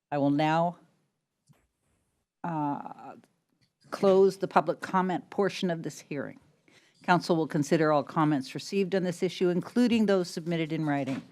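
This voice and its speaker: A woman mayor chairing a city council meeting, speaking in a measured, formal way. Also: on the low side, darkish tone.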